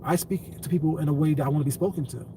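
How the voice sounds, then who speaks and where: A man's voice: on the high side, steady tone, racing. A man live-streaming, lecturing his chat about how to talk to people, blunt and repetitive. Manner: lecturing, then cursing angrily. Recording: distant mic, faint ambient noise.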